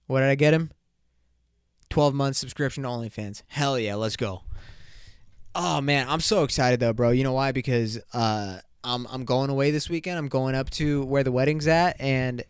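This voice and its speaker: A man's voice: mid-range voice, moderate pace, long pauses, smooth, dry recording, studio quality. Crude, rambling young male podcaster. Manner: loose, crude, rambling banter with bursts of excitement. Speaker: podcast host. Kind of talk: casual solo podcast rant.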